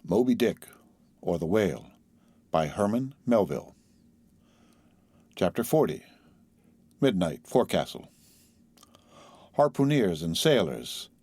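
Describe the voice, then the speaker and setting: A man reading an audiobook in a measured, calm way. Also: sits low, dry recording. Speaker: audiobook narrator.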